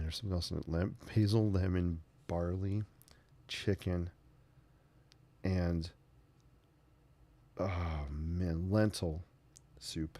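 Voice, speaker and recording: Low gravelly man chatting while painting. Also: dark tone. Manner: rambling, chatty asides. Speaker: sketching channel host. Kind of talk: casual painting tutorial.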